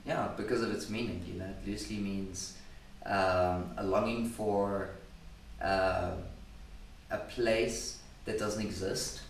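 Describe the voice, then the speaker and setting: A man vocalist being interviewed, explaining things in a measured, reflective way with a joking side. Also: lowish voice, fairly even intonation. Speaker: band vocalist guest. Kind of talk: casual interview chat. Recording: roomy distant mic, faint noise.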